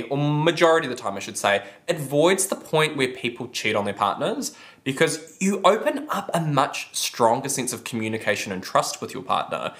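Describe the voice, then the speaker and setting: A young woman, hosting a podcast and telling a frank, swear-heavy story in casual chat. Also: extremely low pitch. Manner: candid, swears a lot, animated storytelling. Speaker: podcast host.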